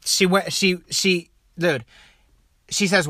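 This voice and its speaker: A man with a bright, fairly high voice rants through a video clip in casual, foul-mouthed commentary. He talks with animated energy and keeps tossing in "dude" and "okay." The sound is dry and close. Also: normal speed, no room sound.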